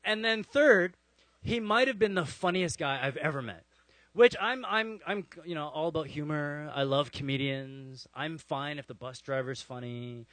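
Brief: man, pastor, preaching storyteller, slightly higher voice, close dry sound. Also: normal speed, a bit bright, no room sound, rough recording. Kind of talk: sermon.

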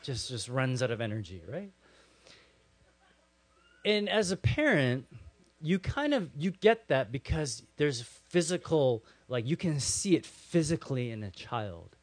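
A man preaching a sermon, telling stories with lively acted-out quotes and dropping to a soft hush on key lines. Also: mid-range voice, unhurried, no echo. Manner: animated storytelling, acts out quotes, drops to soft hushed lines. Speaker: pastor.

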